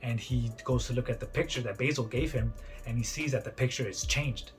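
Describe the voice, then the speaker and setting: A man retells a story in a loose, chatty way, peppering it with "like" and "you know" and briefly acting out what the characters say. His voice sits at an ordinary middle pitch. Soft music plays quietly underneath. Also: brisk. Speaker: book summary presenter. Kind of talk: casual spoken book summary.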